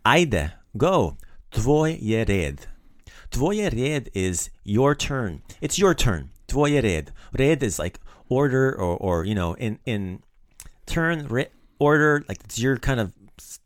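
A man hosting a podcast, explaining phrases in a casual chat and repeating them slowly. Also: mid-range voice, big pitch swings, dry recording, clean studio sound. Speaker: podcast host. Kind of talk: casual language-lesson chat.

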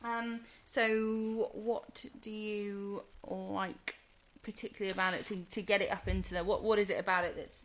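A woman's voice: mid-range voice, level tone, moderate pace, hardly any pauses. Chatty southern English woman podcaster. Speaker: podcast co-host. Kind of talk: casual chat.

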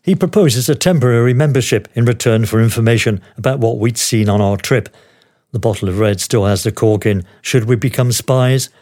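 A man's voice: mid-range voice, darkish tone. An older man narrating his own travel memoir as a podcast host, with a wry, dry humor. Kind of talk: memoir storytelling.

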